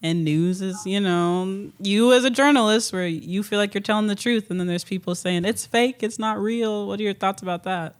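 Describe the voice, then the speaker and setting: A woman's voice: medium pitch, a little fast, few pauses, smooth. A woman hosting a podcast in a casual way, curious and asking her guest question after question. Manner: curious, asks lots of questions. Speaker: podcast host.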